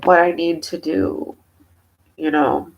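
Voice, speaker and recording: A woman's voice: low voice, takes it slowly, muffled recording, noisy background. A young woman and mother, tearful and emotional, venting at length in a personal vlog, rambling with many fillers. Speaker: mother talking to camera.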